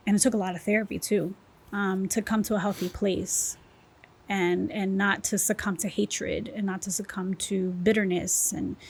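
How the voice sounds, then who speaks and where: A woman as a podcast guest, telling her personal story in a candid, emotional, animated way. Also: mid-range voice, breathy edge. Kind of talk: personal testimony interview.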